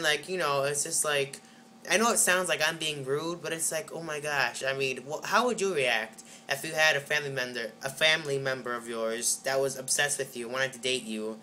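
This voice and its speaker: A teenage boy vlogging from home into a webcam, his voice bright and a touch tense. He rambles through his story, full of fillers and restarts, with an exasperated edge. A faint hiss of noise sits under the recording. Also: medium pitch. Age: teens. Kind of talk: casual vlog storytelling.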